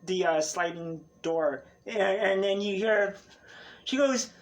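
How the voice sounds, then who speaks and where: A man runs a tabletop role-play game as its narrator, talking slowly. He rambles and stops often, filling gaps with "um" and "uh" and restarting his sentences. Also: high voice, fairly even intonation. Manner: rambling, halting, many fillers and restarts. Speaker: game master.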